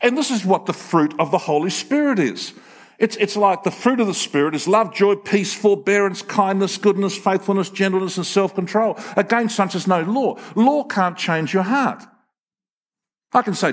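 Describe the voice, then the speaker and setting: A man's voice: high-pitched, moderate pace. A man, preaching a sermon in a folksy, emphatic storytelling way with frequent restarts. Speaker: pastor.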